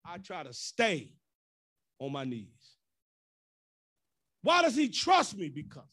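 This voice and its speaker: A man's voice: sits high, huge pitch swings, slow, fairly bright tone, breathy edge. A man preaching as pastor in a loose, joking way, slipping into the voices of church folk. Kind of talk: conversational sermon.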